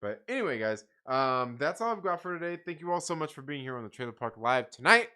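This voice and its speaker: A man hosting a late-night live stream, rambling through viewer comments with plenty of swearing and laughter. His voice is bright and his pitch swings widely. He sounds tired but keeps chatting. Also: animated, fast, clean tone. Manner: profane, rambling, laughs often. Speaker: livestream host. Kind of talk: casual live chat reading viewer comments.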